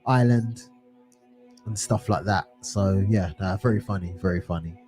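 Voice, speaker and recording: A young man with a home counties accent talks in a relaxed, rambling way, his voice mellow and dark. Faint music plays underneath as he chats as co-host of a music show. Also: low-pitched, normal speed. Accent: English home counties. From England. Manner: relaxed, chatty, rambling with restarts. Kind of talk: casual chat. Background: music playing.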